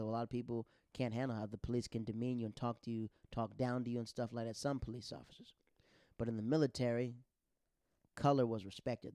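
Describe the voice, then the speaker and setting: Male podcast host, animated, slangy storyteller, medium pitch, dry sound. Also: dry recording. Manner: animated, slangy, acts out the quotes. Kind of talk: casual storytelling.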